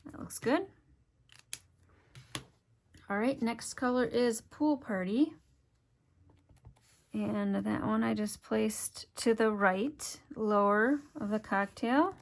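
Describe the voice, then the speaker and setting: A woman's voice: a little high, slow, vocal fry, pauses often, a little hiss or hum. A woman leads a hands-on craft tutorial. She talks in a chatty, step-by-step way and thinks aloud as she works. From Wisconsin, USA. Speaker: craft demonstrator.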